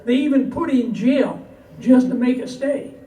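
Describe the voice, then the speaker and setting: A man's voice: very high voice, moderate pace, dark tone. A man voicing a patient woman who explains things matter-of-factly in a rhyming poem. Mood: explaining. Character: knowing, patient woman bystander. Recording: echoey, distant, noisy live recording.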